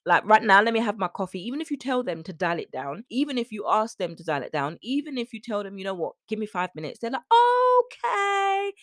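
A woman's voice: mid-range voice, fast talker, hardly any pauses, no room sound, studio quality. A woman hosting a podcast as a weight-loss coach, talking casually and acting out sing-song quotes of other people. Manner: chatty, animated, acts out sing-song quotes. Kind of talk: casual solo podcast talk.

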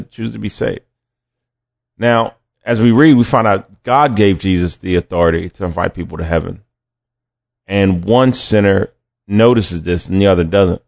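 A man's voice: fairly low pitch, vocal fry, darkish tone. A man teaching a conversational sermon for a podcast, reading scripture and acting out quoted voices, often repeating words as he goes. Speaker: podcast preacher. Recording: dull lo-fi dry recording.

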